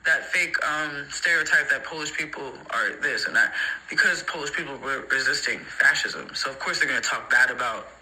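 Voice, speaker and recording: A man's voice: mid-range voice, moderate pace, bright, forceful tone, poor audio. A man in an opinionated, heated rant to the camera, emphatic and profane, repeating his points and mocking others. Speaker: social media creator.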